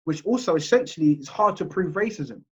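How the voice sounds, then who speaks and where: Speaking from England over a muffled, dull-sounding video call, this man lectures a seminar in a relaxed, chatty style, often checking that his audience is with him. His slightly husky voice sits on the high side, and he talks briskly.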